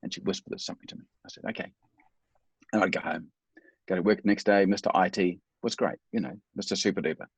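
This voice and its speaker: Husky middle-aged man telling his story. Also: low-pitched, fairly even intonation, fast, no room sound. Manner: earnest, reflective, self-deprecating. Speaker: guest speaker. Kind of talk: personal storytelling in a talk.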